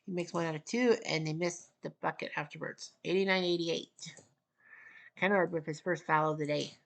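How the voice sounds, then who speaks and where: With a low, creaky voice, a Canadian woman commentates a basketball video game in casual solo play-by-play. Expect short, fast calls, wry side comments, and mounting excitement near the close.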